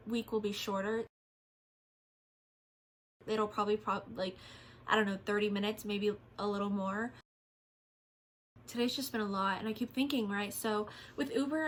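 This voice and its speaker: A woman's voice: a little high, slight background noise. A young woman vlogging from home, talking in a candid, rambling way and venting about her day with lots of fillers. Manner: candid, rambling, vents frustration with frequent fillers. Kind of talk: casual vlog chat.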